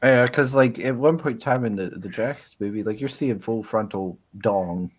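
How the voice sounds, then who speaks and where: A man's voice: on the low side, moderate pace. A man co-hosting a podcast in casual chat, rambling and repeating words as he starts his sentences. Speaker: podcast co-host.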